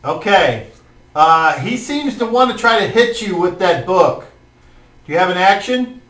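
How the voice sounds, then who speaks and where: Male game master, descriptive and halting, recorded at a distance in a roomy space. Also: sits high, animated, fairly bright tone. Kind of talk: narrating a tabletop game. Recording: roomy room, mic far off.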